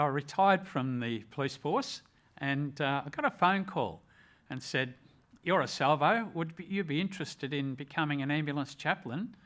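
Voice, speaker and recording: An older Australian man speaks in an earnest, measured way. He recounts his own memories with steady reflection. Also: on the high side. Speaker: retired rescue officer, ambulance chaplain. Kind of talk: personal storytelling.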